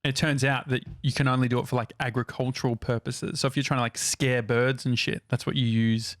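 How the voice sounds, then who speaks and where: A man's voice: medium pitch, little pitch movement, a little fast, no room sound, clean studio sound. An Australian man co-hosting a podcast, telling rambling anecdotes and correcting himself as he goes. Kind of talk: casual podcast chat.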